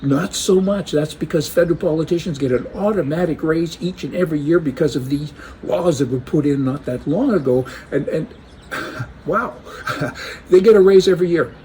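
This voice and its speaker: A man's voice: on the high side, moderate pace, a little mellow, slight background noise. A man giving an opinionated, casual commentary monologue, telling jokes with sarcastic asides and chuckles.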